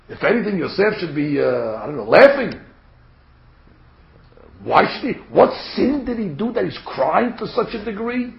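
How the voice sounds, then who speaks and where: A man with a fairly high, gravelly voice leads a Torah lesson, earnest and emphatic, leaning into rhetorical questions. The recording is echoey and dull, like a lo-fi capture in a roomy hall. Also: very animated, unhurried, pauses often. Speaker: Torah teacher. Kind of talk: Torah class lecture. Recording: echoey room, dull lo-fi sound.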